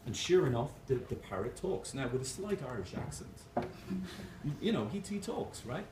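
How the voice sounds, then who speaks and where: A man giving a motivational conference keynote, animated and jokey, speaking straight to the crowd. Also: mid-range voice, normal speed. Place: conference hall. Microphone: distant camera mic. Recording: echoey hall, distant mic, noisy room.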